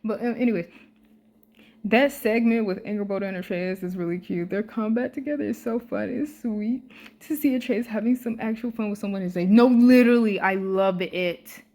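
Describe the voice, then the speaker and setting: Young female vlogger, excitable fan chatter, swears a lot, lots of slang. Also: mid-range voice, moderate pace. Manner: excitable and animated, swears freely, uses slang. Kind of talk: casual fan commentary.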